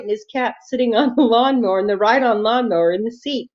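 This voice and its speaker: A high-pitched woman chats on a relaxed livestream, reading out viewer comments and laughing along the way. The sound is dull and lo-fi, like streamed audio. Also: quick pace, hardly any pauses. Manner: reads viewer comments aloud, laughs often. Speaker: livestream quilting host. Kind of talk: casual livestream chat.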